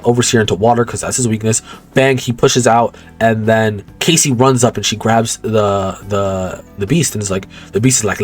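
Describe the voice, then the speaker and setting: A young man casually recapping a movie plot, rambling, slangy and profane, often stopping to correct himself. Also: lowish voice. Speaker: movie commentator.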